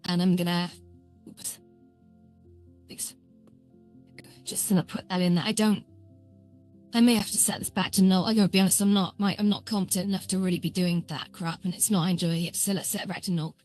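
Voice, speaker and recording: A woman's voice: on the low side, steady tone, a little fast, long pauses, darkish tone, faint music behind. A woman streamer talking through her coding work in a loose, rambling way, full of filler words and self-deprecating asides. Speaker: streamer building a VR world. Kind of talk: casual live-stream commentary while coding.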